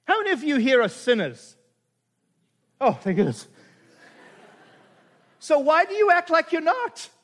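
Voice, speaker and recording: High-voiced pastor preaching in reverberant hall. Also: male voice, huge pitch swings, a little slow, pauses often, a bit bright. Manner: conversational, asks the congregation many rhetorical questions. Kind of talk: sermon. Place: church.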